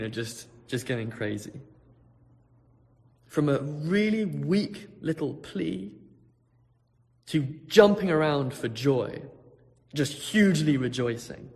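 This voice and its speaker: A pastor preaching a sermon, telling a story vividly, swinging from hushed tones to loud ones. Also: male voice, on the high side, animated, takes it slowly, in a large hall.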